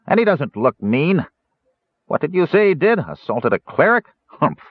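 Audiobook casting: man voicing a growling, dismissive dwarf boss, pitched up from his low voice, thin phone-like sound. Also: sing-song, moderate pace, no room sound. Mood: scornful. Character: gruff scowling male dwarf, stubborn haggler. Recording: narrow tinny phone-like audio.

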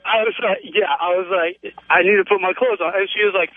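A young man phones in to a talk radio show and rambles through a story, excited and loose, with "man" and "like" everywhere. His voice sits a little high and comes through a narrow, tinny phone line. The sound is dry, with no room around it. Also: fairly quick, dry recording. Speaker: caller. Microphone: telephone.

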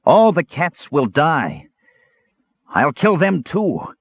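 A man voicing a small cursed kender, high and pleading. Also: huge pitch swings, slow, husky, no room sound, dull audio, full character voice. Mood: eerie menace. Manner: shifts between eerie menace and pleading. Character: small frightened male kender under a ring's curse. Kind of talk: audiobook character voice.

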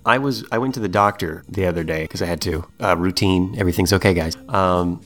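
A man co-hosting a podcast, chatting casually and telling profane, animated stories. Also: low voice, brisk, soft background music. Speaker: podcast co-host.

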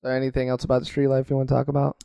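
Mellow-voiced man in mock-tough banter. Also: medium pitch, monotone, rapid-fire, vocal fry, clear, resonant tone, dry recording. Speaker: podcast host. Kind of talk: casual comedic chat.

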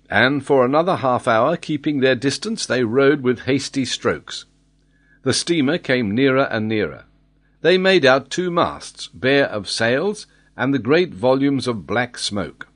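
Male audiobook narrator, dramatic delivery, unhurried, lively pitch. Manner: expressive, dramatic reading. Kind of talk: reading a classic novel aloud.

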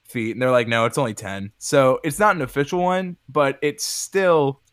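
A man telling a story as a podcast guest in a relaxed, matter-of-fact way. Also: medium pitch, normal speed, dry recording, studio quality. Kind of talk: casual podcast chat.

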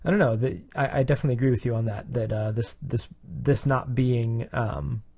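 A man with an ordinary mid-range voice, recorded dry and close with little room sound. He co-hosts a casual TV review podcast, rambling and hesitating as he goes, and is quick to poke fun at himself. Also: medium pitch, vocal fry, warm tone, slightly rough, no room sound. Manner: rambling, hesitant, self-deprecating. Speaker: podcast co-host.

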